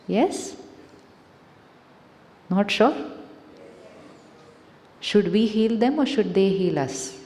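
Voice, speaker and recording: A woman with an Indian accent giving a calm spiritual talk, asking questions of a live audience and slipping in Hindi phrases. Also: mid-range voice, slow pace, long pauses. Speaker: spiritual speaker. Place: large conference hall. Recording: echoey hall, long reverb.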